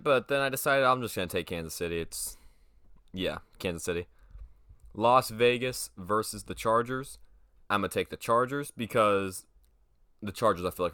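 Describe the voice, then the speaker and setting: Low-voiced young man rambling through picks. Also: moderate pace, pushed and bright, no echo, studio quality. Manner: offhand and rambling, trails off and corrects himself mid-thought. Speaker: sports video host. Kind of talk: casual solo prediction video.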